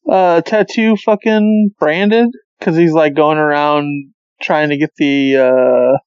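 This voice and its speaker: A man's voice: fairly high pitch, steady tone, takes it slowly, a little mellow, clean tone, dry recording, lo-fi sound. A man co-hosting a casual movie review podcast, laid-back, laughing easily and swearing often. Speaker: podcast co-host.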